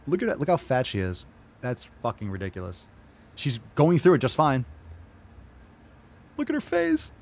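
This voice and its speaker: A man's voice: medium pitch, sing-song, fairly quick, a little mellow. A man hosting a livestream show, reacting to clips in a blunt, mocking, sarcastic way. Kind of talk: casual reaction commentary.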